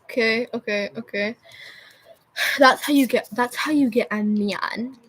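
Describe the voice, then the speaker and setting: Her fairly high, a bit bright and slightly rough voice moves at a measured pace as this young woman rambles on a livestream, losing her thread and filling in with constant filler words.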